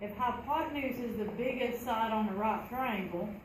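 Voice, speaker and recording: A woman's voice: a little high, moderate pace. A woman teacher, leading a classroom lesson and asking the class questions. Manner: conversational, asks the class questions. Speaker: math teacher. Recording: echoey classroom, faint room noise.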